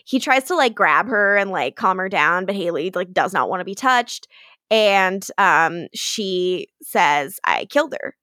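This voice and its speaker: A woman's voice: medium pitch, measured pace, no room sound, clean studio sound. A woman co-hosting a podcast, casually recapping an episode and acting out lines, swearing now and then. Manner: animated retelling with quoted lines and swearing. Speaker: podcast co-host.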